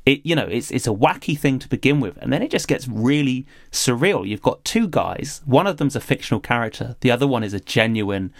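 A man's voice: medium pitch, expressive, fairly quick, gravelly, hardly any pauses, no room sound, studio quality. A man, co-hosting a podcast, talking thoughtfully and animatedly with some laughter. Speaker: podcast co-host. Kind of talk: casual podcast review chat.

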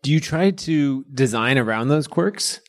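A man co-hosting a podcast, sharing a memory and asking relaxed follow-up questions. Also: mid-range voice, unhurried. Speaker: podcast co-host. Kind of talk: casual conversation.

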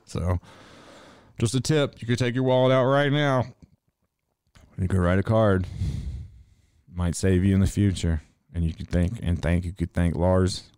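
Very deep-voiced laid-back swearing man. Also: dark tone, clean tone, no echo, clean studio sound. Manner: rambling, profane, laid-back storytelling. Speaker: podcast host. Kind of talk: casual livestream podcast monologue.

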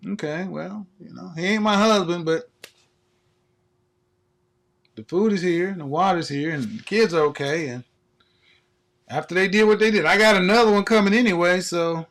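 A man's voice: sits high, normal speed, creaky, long pauses, fairly bright tone. A man doing a shrugging, practical woman. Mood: matter-of-fact. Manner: shrugging, matter-of-fact. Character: pragmatic woman settling into a new village.

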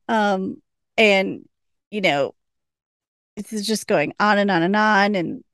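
A woman's voice: medium pitch, slow pace, fairly bright tone, clear, resonant tone, dry recording, studio quality. A woman hosting a podcast, casually recapping a TV episode, laughing often and acting out the lines. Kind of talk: casual chat.

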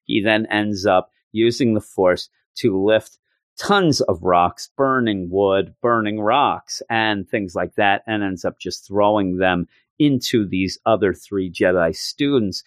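A man casually recapping a story in an animated, joking, self-mocking way. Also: on the low side, takes it slowly, no room sound, studio quality.

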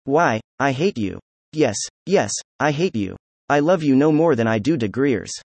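A man's voice: medium pitch, lively intonation, normal speed, darkish tone, husky, dry recording. Scornful, hysterical young woman, read by a man. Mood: overwrought.

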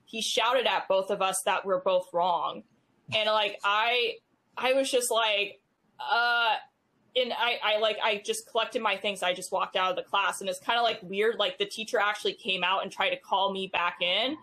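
Thirties woman, halting filler-heavy speech. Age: 30s. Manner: halting, many fillers, rises in pitch when animated. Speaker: podcast guest. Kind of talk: casual conversational storytelling.

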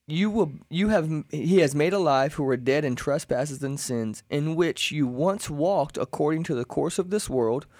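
A man's voice: on the high side, darkish tone, no echo. A man co-hosting a Christian radio talk show, earnestly reading and explaining scripture in a studio. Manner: earnest, reads scripture aloud. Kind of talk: Bible discussion on radio.

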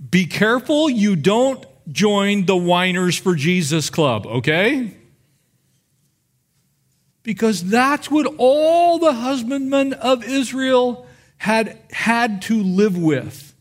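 A male pastor preaching a sermon, telling Bible stories in an animated way and acting out the people in them. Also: sits high, slow. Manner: animated storytelling, acts out biblical figures.

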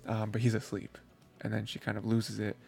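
Gravelly rambling man recapping anime. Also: lowish voice, monotone, brisk, a little mellow. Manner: rambling, filler-heavy, laughs while recounting. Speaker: anime review host.

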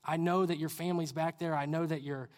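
A man voicing a gentle, urgent leader who softly pleads with a follower to move forward, in a hushed tone. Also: a little high, fairly even intonation, fairly quick, big-room sound, close to an everyday voice. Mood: hushed pleading.

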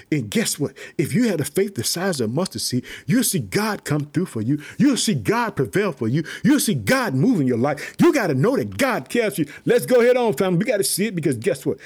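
A man preaching an excited devotional message, calling listeners family and repeating catchphrases as he reads scripture. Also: fairly high pitch, breathy edge. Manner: hyped, repeats "let me tell you something" and "guess what", calls listeners family.

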